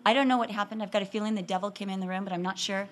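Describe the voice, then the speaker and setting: A woman voicing her husband, a pastor, calmly and gently reasoning with her. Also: a little hiss or hum, natural voice. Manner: gentle, measured, softer and lower.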